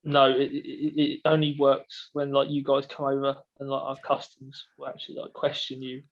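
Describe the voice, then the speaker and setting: A man bantering as a podcast guest, swearing freely and mocking people in put-on voices. His voice sits at an ordinary pitch. It comes through a dull, muffled remote line. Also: completely flat delivery, moderate pace. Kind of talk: casual chat.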